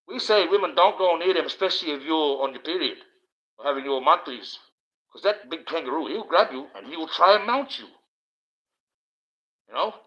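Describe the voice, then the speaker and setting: A man's voice: on the high side, pushed and bright. A man, hosting a livestream and ranting in a rambling, profane monologue. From Australia. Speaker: livestream host. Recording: dull lo-fi stream audio.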